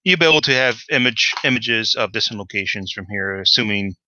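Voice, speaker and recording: A man narrating as game master in a tabletop game, halting with many fillers. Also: fairly low pitch, animated, bright, forceful tone, slight background noise, rough recording.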